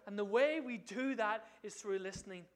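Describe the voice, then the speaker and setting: A man preaching a sermon in an animated way, often asking the congregation questions. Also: high voice, moderate pace.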